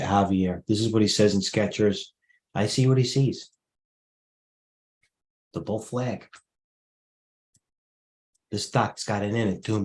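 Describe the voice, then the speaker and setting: With a lowish, darkish voice, a brash middle-aged man running a stock trading livestream reels off tickers live to his viewers. His rapid-fire market commentary is blunt and jumpy, delivered directly to the audience while he's out of breath.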